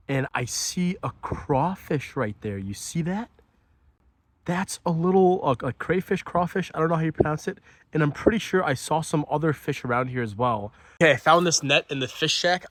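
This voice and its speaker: Chatty excitable man, casual vlog narration, lively voice, dry sound. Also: medium pitch, no room sound. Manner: chatty and excitable, talks to viewers; rambling with fillers. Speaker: fishkeeping channel host.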